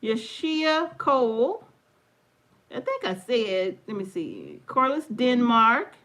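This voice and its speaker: Brief: high-pitched woman, livestream co-host, chatty and laughing, reads viewers' names aloud. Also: wildly swooping pitch, takes it slowly. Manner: warm, laughing, greets viewers by name. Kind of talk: casual live chat reading viewer comments.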